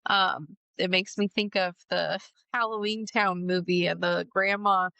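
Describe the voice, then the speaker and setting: A woman's voice: lowish voice, fairly even intonation, measured pace, vocal fry, pushed and bright, smooth, no room sound. A woman co-hosting a podcast in casual chat, earnest and reflective. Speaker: podcast co-host.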